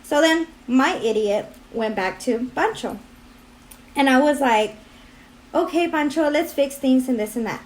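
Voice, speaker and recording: A woman's voice: sits high, lively intonation, unhurried. A young woman vlogging her story in a rambling, filler-heavy way, tearful and crying as she talks. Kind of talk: casual confessional vlog.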